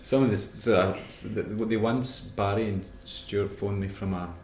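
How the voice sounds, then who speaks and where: A man's voice: fairly low pitch, measured pace, slight background noise. Laughing Scottish man in a roomy space. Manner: rambling, laughs often while telling stories. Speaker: musician guest. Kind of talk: casual interview chat. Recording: roomy echo.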